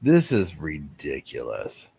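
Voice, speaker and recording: A man's voice: a bass voice, huge pitch swings, takes it slowly, gravelly, dark tone, breathy edge. A man giving chatty, sarcastic live commentary over a courtroom stream, acting out what people in the room might be thinking. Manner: chatty, sarcastic, acts out people's thoughts in asides.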